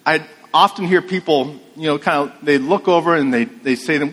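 Male pastor, measured conversational sermon, slightly high voice, long hall reverb. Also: fairly bright tone. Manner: slow, conversational preaching with anecdotes.

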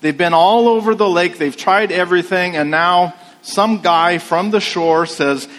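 Male pastor, measured conversational sermon, slightly high voice, long hall reverb. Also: fairly bright tone. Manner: slow, conversational preaching with anecdotes.

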